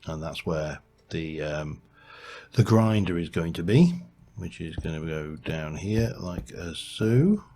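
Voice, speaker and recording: Low, unhurried gaming narrator. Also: male voice, animated, mellow. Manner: rambling, thinks aloud, hums to himself while building. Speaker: let's play host. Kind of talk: gameplay commentary.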